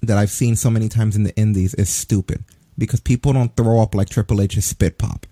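Man in his forties, profane casual rant, quick delivery, dry close sound. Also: fairly low pitch, no room sound. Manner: profane, ranting, animated. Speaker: podcast co-host. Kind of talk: casual wrestling review chat.

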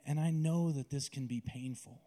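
Warm-voiced male preacher, intimate delivery. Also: medium pitch. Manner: slow, intimate, dramatic delivery. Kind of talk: sermon with guided visualization.

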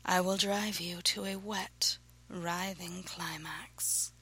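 A confident, sensual lover who murmurs in a hushed and teasing whisper, as a woman reading her own story puts the voice on. The voice is gravelly and crisp-edged, and the lover sounds like a character from a storybook read aloud. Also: on the low side, steady tone, slow, full character voice.

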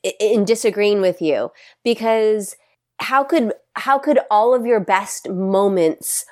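A woman's voice: mid-range voice, a little mellow. A woman hosting a podcast, chatting casually and teasing her guest. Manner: teasing and quick to laugh. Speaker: podcast host.

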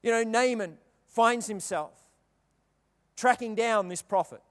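A man preaching a sermon, telling the story with animated delivery and acting out the characters' lines. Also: high-pitched, a little slow. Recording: long reverb of a large hall.

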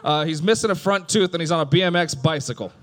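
A man in his thirties doing stand-up, telling a family story deadpan and putting on voices for the punchlines. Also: a little high, fast. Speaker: stand-up comedian.

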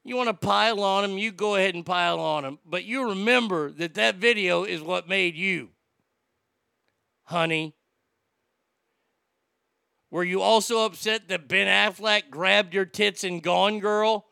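A brash man rants through his talk segment, stumbling over restarts as he pushes his point. His voice sits high and gravelly with a sharp, bright edge. The sound is dry and close, with no room around it. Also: a little slow, long pauses, no room sound. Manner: brash, ranting, stammering restarts. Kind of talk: opinionated talk commentary.

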